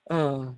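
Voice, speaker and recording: A man's voice: medium pitch, dry recording. A man narrating a tabletop game as game master in a loose, casual way, often breaking into laughter.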